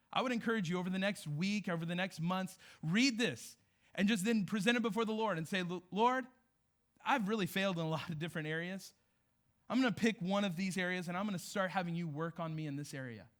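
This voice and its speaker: A man's voice: sits high, fairly bright tone. A young adult man preaching a sermon in a church, retelling scripture as casual, conversational dialogue. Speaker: pastor.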